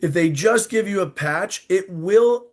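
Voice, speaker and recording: A man with a somewhat high voice answers interview questions as a visiting doctor. He speaks informally and plainly, pressing his key points with firm emphasis. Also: animated, unhurried. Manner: emphatic, informal, direct advice. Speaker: doctor and guest expert.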